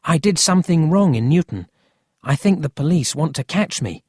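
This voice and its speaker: A narrator voicing a quick-tempered, earnest country boy in a storybook reading. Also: medium pitch, lively intonation, darkish tone, slightly rough, no room sound, clean studio sound, pitched above the performer's own voice. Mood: worried.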